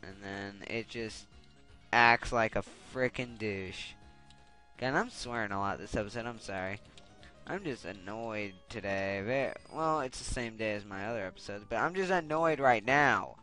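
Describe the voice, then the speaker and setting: A man's voice: lowish voice, normal speed, sharp tone, soft background music. A young man commenting on his gameplay in a casual, irritated way, swearing and rambling. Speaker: let's play gamer.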